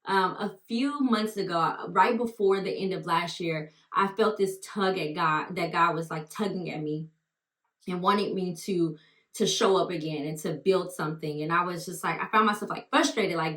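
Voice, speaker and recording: A woman's voice: mid-range voice, moderate pace, fairly bright tone, roomy sound. A woman telling her faith story in an earnest, reflective way, with many fillers and restarts. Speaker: faith-based speaker and mom. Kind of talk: personal testimony talk.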